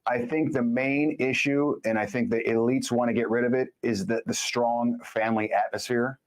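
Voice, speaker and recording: Here a man guesting on a podcast speaks at a medium pitch with fairly even intonation, yet stays blunt and emphatic while casually relating anecdotes and tossing in quick asides.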